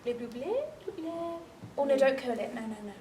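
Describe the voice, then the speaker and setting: A woman improvising in nonsense syllables, with chirpy blips and quick protests. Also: a little high, fairly even intonation, dark tone, slight background noise, close to an everyday voice. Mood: playful. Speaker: drama student. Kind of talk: gibberish improvisation. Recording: echoey room, distant mic.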